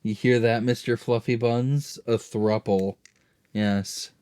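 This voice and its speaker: A man's voice: mid-range voice, fairly even intonation, takes it slowly, mellow, clear, resonant tone. A man co-hosting a casual podcast. He talks in a goofy way, stammers and repeats his words. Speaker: podcast co-host.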